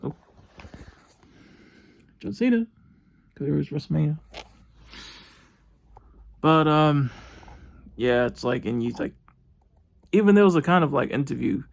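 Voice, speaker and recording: A young man talks through a TV review in a loose, meandering way, stopping and restarting often. His voice has a gravelly edge. The sound is dry and close, with no room echo. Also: on the high side, animated. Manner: rambling, halting, lots of fillers and restarts. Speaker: vlogger. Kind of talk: casual TV review monologue. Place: bedroom.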